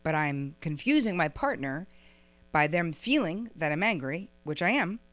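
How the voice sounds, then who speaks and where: A middle-aged woman giving a relationship workshop lecture to a live audience, chatty and lively, acting out little quoted exchanges as she explains. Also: low voice, normal speed, no room sound. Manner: chatty, uses "like" and "right?" often. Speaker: relationship teacher.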